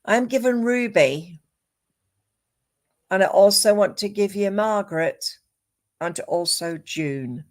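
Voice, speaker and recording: A woman gives a live psychic reading at a slow, deliberate pace. Her voice sits in a middle range. She lists names, numbers and images one at a time, calm and measured. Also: medium pitch. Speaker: psychic medium.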